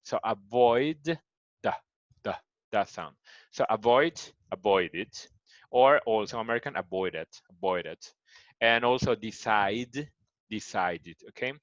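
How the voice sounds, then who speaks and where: A man from Mexico with a Mexican Spanish accent, teaching an online English lesson and patiently repeating words slowly to model their pronunciation. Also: medium pitch, lively intonation, dry recording, lo-fi sound. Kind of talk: recorded online grammar lesson.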